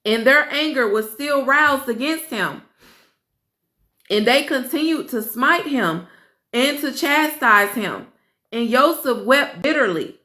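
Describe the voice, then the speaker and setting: Scripture is read here by a woman whose high voice is expressive and sharp. She hosts, reading earnestly and emotionally while stopping to react and add casual asides, and the recording echoes around the room.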